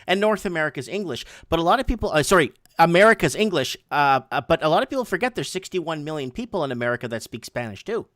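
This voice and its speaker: A man hosting a podcast, chatting in a quick, matter-of-fact way with frequent restarts. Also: fairly high pitch, lively intonation, a bit bright, no echo, clean studio sound. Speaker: podcast host. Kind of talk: casual chat.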